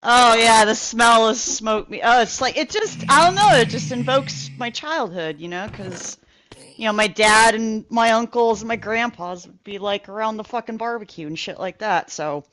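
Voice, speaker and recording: A woman's voice: a little high, expressive, moderate pace, fairly bright tone, poor audio. A woman co-hosting a casual podcast, laughing often and chiming in with stories about her family. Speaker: gaming podcast co-host. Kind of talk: casual chat.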